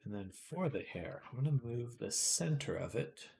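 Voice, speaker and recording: A man live-streaming, quietly talking himself through 3D modeling work, sometimes dropping to soft whispered asides and getting chattier and amused when he answers chat. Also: medium pitch, very animated, normal speed, vocal fry, slight background noise. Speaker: livestreamer. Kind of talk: casual live-stream commentary while 3D modeling.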